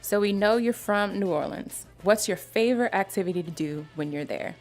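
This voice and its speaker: A woman reading out interview questions in a lively way. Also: medium pitch, normal speed, soft background music.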